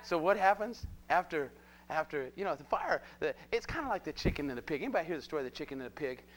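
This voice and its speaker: A preacher delivers a live sermon in a lively, joking way. He keeps pressing his listeners with quick rhetorical questions. His man's voice sits on the higher side. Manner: animated, jokey, prods the crowd with rhetorical questions.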